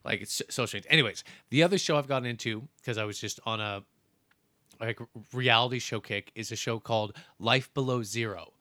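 Male podcast co-host, bright voice, dry sound, chatty and rambling. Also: medium pitch, brisk, no echo. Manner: chatty, heavy use of "like". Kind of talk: casual podcast chat.

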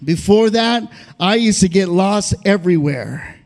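A man preaching a sermon in a very high voice. He opens phrases with "uh" and swings between low, calm talk and shouted, sing-song peaks. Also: measured pace, vocal fry. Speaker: pastor.

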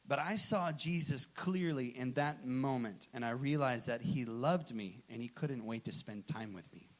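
Here a thirtysomething male pastor delivers a sermon built around a personal anecdote, animatedly voicing each character in the exchange. He speaks in a mid-range voice at a normal speed.

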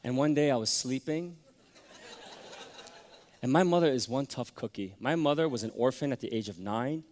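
A man preaching a sermon, telling a personal story that swings from hushed to loud. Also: medium pitch, normal speed, a little hiss or hum. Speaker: pastor. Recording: long hall reverb.

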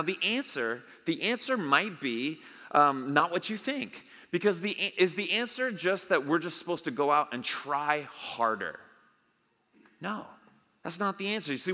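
A man's voice: on the high side, bright, forceful tone, big-room sound. A man preaching a casual sermon as pastor, talking conversationally, acting out reactions and often restarting his sentences. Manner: conversational, acts out disciples' reactions, repeats and restarts. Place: church sanctuary.

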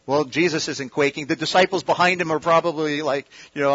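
A man delivers a sermon in a high, bright-edged voice. He builds to loud, emphatic peaks and then drops to quiet, confiding asides. The recording is dull and lo-fi, as if taped from a church auditorium. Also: fairly quick. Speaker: pastor.

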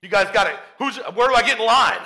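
A man voicing David, an eager and incredulous young male shepherd who fires off excited questions. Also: high voice, voice pushed up. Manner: excited, questioning, rapid-fire.

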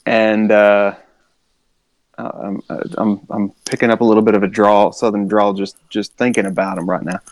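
Low-voiced man rambling with laughter. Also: little pitch movement, normal speed. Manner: rambling, restarts often, laughs a lot. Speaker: podcast co-host. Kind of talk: casual chat.

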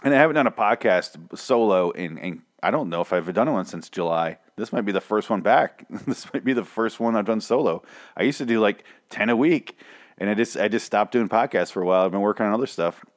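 A man's voice: lowish voice, lively intonation, brisk. A young man hosting a solo review podcast, profane and sarcastic, his voice weak and strained. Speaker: podcast host. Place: home room with dogs. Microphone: desk microphone.

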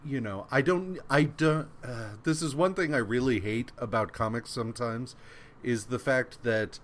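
A man's voice: mid-range voice, fairly bright tone, a little hiss or hum. A man co-hosting a casual podcast, ranting with exasperation and swearing freely. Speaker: podcast co-host. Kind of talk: casual chat.

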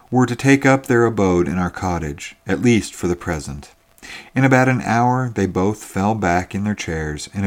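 A man narrating a classic tale in a measured, even reading. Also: sits low.

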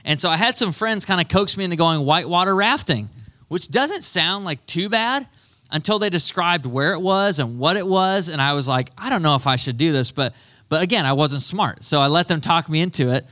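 Bright, upbeat male preacher. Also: sits high, moderate pace. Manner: animated, self-deprecating storyteller. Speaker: pastor. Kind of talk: storytelling sermon.

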